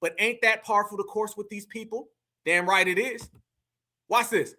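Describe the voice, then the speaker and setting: A man's voice: high-pitched, steady tone, normal speed, heavy background noise. A man hosting a live reaction stream, talking emphatically and mockingly with frequent laughter.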